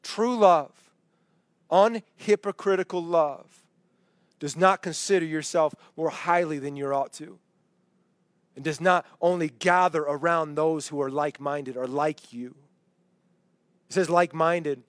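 A man's voice: fairly high pitch, measured pace, long pauses, dry recording. A man teaching a Bible study in a conversational preaching style, often checking in with "okay?" and acting out quoted voices. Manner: acts out quoted voices for emphasis. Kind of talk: sermon. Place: home, over an online meeting.

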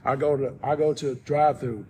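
A man as a podcast guest, telling a personal story in casual talk, soft-spoken and rambling with many restarts. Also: medium pitch, fairly even intonation, fairly quick, a little hiss or hum.

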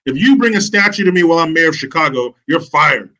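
A man's voice: fairly high pitch, expressive, fast talker, bright, forceful tone, rough recording. A man talking as a guest on a podcast, ranting in a profane, mocking way. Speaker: podcast guest, online commentator. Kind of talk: casual podcast chat.

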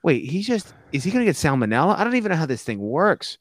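Male podcast guest, lively storyteller who acts out other people's voices, dry close sound. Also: fairly high pitch, quick pace, no room sound. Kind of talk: casual storytelling chat.

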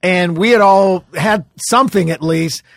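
A middle-aged man with a higher voice than most tells old stories as a podcast guest. He talks in animated bursts, swears freely and restarts his sentences. The recording is dry and close. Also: measured pace, gravelly, no room sound. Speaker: comedian guest. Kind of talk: casual storytelling chat.

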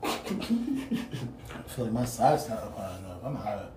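A young man joking crudely and laughing loudly in a casual chat with friends. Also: on the low side, normal speed. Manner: loud, laughing, crude banter. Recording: roomy, distant mic, noisy.

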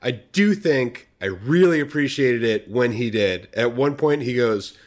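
A man's voice: mid-range voice, expressive, a little slow. A man co-hosting a podcast, joking in a casual, crude and profane way. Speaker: podcast co-host. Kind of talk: casual comedic chat.

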